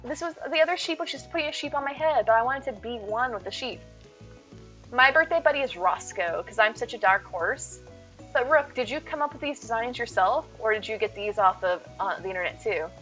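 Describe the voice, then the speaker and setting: A woman's voice: a little high, expressive, a little fast, a bit bright, faint music behind. A woman streaming live and chatting with viewers, playful and silly, full of jokes and puns.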